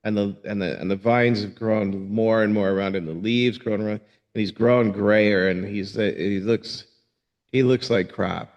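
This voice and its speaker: A man teaching yoga, telling a parable in a casual, halting way and often repeating his words. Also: fairly low pitch, steady tone. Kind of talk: casual storytelling talk.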